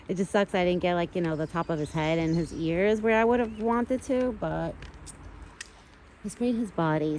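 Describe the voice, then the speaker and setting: A woman's voice: on the low side, dark tone, slight background noise. A woman filming herself outdoors on a phone, chatting casually and cooing at the animals she feeds. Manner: coos sweetly at animals in a raised baby-talk voice. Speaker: vlogger feeding wild animals. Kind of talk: casual chat. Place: outdoors in a yard by woods.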